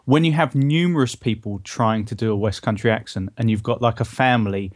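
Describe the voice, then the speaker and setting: Mid-pitched man musing on a podcast panel. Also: brisk. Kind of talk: casual podcast chat.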